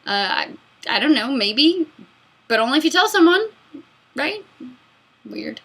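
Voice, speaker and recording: A woman in her mid-twenties hosting a casual fan Q&A, excitable and giggly, rambling between answers. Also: sits high, a little slow, vocal fry. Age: mid-20s. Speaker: YouTube host answering fan questions. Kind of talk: casual Q&A chat.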